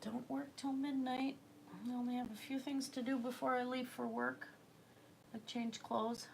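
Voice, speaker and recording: A woman's voice: high voice, level tone, normal speed, gravelly, a little mellow, slight background noise. A woman chatting casually while she paints on a livestream, rambling with fillers and self-corrections. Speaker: artist livestreaming a painting session.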